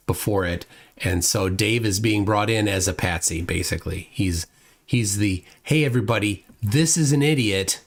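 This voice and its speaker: A middle-aged man hosting a casual livestream, reading chat comments aloud and rambling with frequent restarts. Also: on the low side. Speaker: livestream host.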